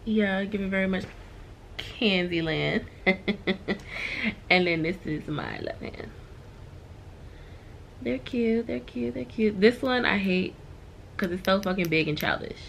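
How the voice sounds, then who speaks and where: A woman's voice: mid-range voice, unhurried, gravelly, pauses often, a little hiss or hum. A woman vlogging from her hotel room, venting to her viewers in a frustrated, swearing, casual way.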